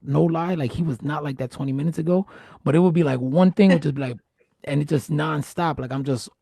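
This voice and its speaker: Hosting a casual live-streamed chat, a man talks animatedly in a somewhat high, gravelly voice, often doubling words once he gets going. His delivery is brisk yet mellow, and the recording is dry and close with no room sound.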